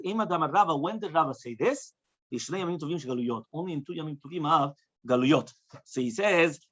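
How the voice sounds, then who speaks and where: Fast-talking rabbi giving a Talmud class. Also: male voice, on the high side, fairly bright tone. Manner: translates phrase by phrase, checks in with "right?". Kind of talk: Talmud study lecture. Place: class with students present. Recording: dull lo-fi recording.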